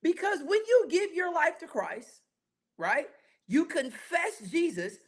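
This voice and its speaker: Taking it slowly in an extremely high-pitched voice, a man runs an interactive Bible study with lots of energy. He keeps asking "right?" and draws listeners into call-and-response.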